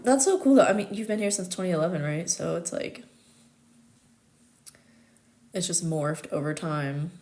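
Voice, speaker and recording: This young US-born astrology host talks a little fast in a darkish, lowish voice. Her live chat is casual and chatty, peppered with giggles and fillers.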